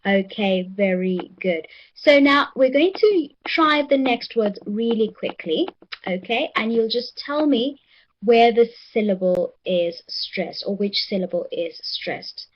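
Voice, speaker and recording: Woman teacher doing a pronunciation class, talks slow, encouraging, kinda dull lo-fi audio. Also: medium pitch. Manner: encouraging, repeats words slowly for the class. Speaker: English teacher. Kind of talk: pronunciation lesson.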